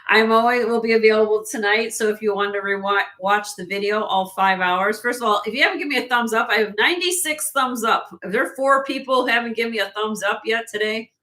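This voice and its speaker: A woman hosting a live jewelry sale stream in casual chat, laughing often and a little hoarse from losing her voice. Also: a little high, fast talker, few pauses, bright, forceful tone. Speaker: host and jewelry seller.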